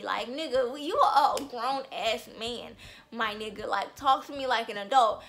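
A young woman telling a storytime vlog, animated and blunt, swearing freely. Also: on the high side, a little fast. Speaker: vlogger.

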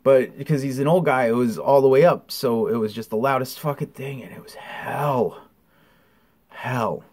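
A man's voice: mid-range voice, moderate pace, darkish tone, husky. A man giving a casual, candid recovery update, telling a story with lots of ums and blunt swearing. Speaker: vlogger.

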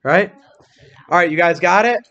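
A man teaching a small-group phonics lesson in a classroom, asking questions, encouraging answers and spelling words out slowly. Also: high-pitched, bright, forceful tone, muffled recording, a little hiss or hum.

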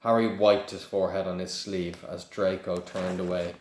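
A man's voice: sits low, flat delivery, normal speed, few pauses, a little hiss or hum. A man reading a novel aloud in a plain, unpolished way, with occasional slips and restarts. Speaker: reader. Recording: echoey room.

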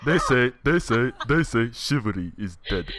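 A man's voice: medium pitch, sing-song, noisy background, close to an everyday voice. A man doing a Doomfist impression, a pompous, accented fighter, in game voice chat. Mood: indignant. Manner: slow, pompous, accented delivery.

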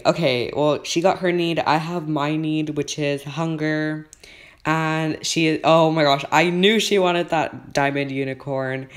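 Male gaming host, casual commentary, unhurried delivery, nervous excitable energy. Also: fairly high pitch. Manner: excitable, keeps saying how nervous and shaky he is.

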